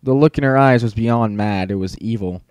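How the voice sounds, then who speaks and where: A man's voice: fairly low pitch, moderate pace, a little mellow, clear, resonant tone, no room sound. Dry, close-miked male audiobook narrator. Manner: casual, wry teenage-boy storytelling. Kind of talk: first-person audiobook narration.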